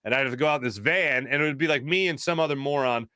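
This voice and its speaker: A man hosting a casual talk show, rambling through stories with many fillers and animated asides. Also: medium pitch, quick pace, dry recording, studio quality. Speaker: show host.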